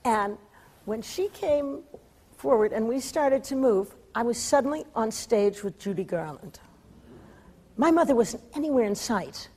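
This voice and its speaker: A woman being interviewed, telling a lively anecdote, often laughing and acting out the voices she quotes. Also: fairly high pitch, a little slow, slightly rough. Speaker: interview guest. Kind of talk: storytelling anecdote.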